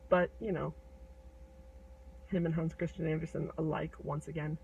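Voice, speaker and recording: A woman's voice: low-pitched, level tone, normal speed, creaky, pauses often, a little mellow, husky, rough recording. A woman casually retelling a fairy tale in a chatty, irreverent, joking way with plenty of fillers and swearing. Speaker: storyteller.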